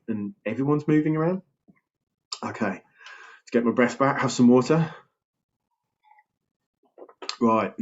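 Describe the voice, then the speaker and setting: A man's voice: fairly low pitch, muffled recording. A man, a health coach talking casually and breezily to camera, full of fillers and acted-out quotes. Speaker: health and weight loss coach.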